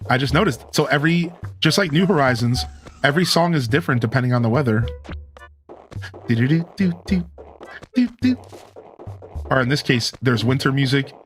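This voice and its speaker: A man giving relaxed, rambling commentary while playing a video game, full of fillers. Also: mid-range voice, quick pace, faint music behind. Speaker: game streamer. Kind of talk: casual gameplay commentary.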